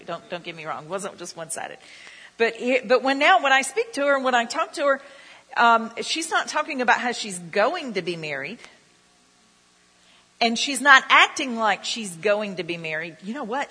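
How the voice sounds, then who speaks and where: Woman preaching, chatty, keeps asking the crowd stuff, bright voice, big echoey hall. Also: a little high. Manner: conversational, repeats herself, asks the audience questions. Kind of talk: sermon. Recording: long reverb of a hall.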